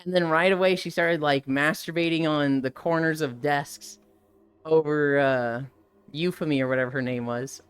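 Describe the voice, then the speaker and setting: A young woman streaming live and chatting casually, retelling an anime with lively, profane commentary and acted quotes. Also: deep voice, normal speed, clean tone.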